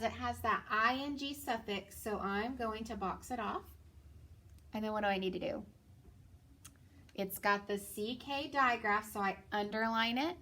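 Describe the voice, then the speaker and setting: A woman's voice: mid-range voice, a bit bright. A woman teaching a phonics lesson to children, patient and encouraging, asking questions and answering them herself.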